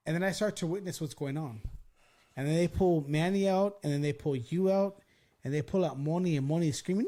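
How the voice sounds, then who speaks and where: A podcast host tells a story in a casual, animated, profane style, doing the voices of the people he quotes. His voice sits on the high side and he talks fast.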